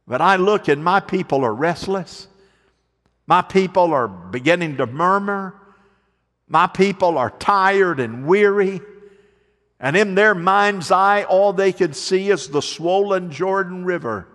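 A man preaching a sermon, telling folksy stories and slowing down to drive points home. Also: high voice, animated, fairly bright tone, in a large hall. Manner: folksy storytelling preacher, slows for emphasis. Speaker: pastor.

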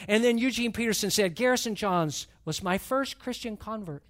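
A man's voice: high voice, normal speed, hardly any pauses, fairly bright tone. A man preaching a sermon as pastor, reading and retelling a story with rising, emphatic intensity. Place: church.

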